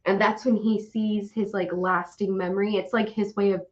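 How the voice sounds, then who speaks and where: A young adult woman co-hosting a podcast in casual chat, animated and swearing often as she rants. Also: medium pitch, moderate pace. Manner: animated, swears often, laughs while ranting. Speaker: podcast co-host. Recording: dull lo-fi audio.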